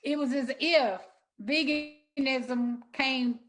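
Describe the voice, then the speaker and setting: Middle-aged woman guest, earnest storyteller, stumbles and repeats, a touch high. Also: fairly even intonation, poor audio. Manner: earnest, halting, repeats words when moved. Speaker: interview guest, sanctuary owner. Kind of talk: emotional storytelling in an interview.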